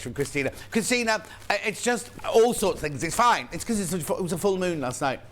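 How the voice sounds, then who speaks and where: A man's voice: high-pitched, expressive, quick pace, hardly any pauses, fairly bright tone, slight background noise. A man presenting a live shopping channel show, chatty and playful, reading out viewers' messages. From United Kingdom.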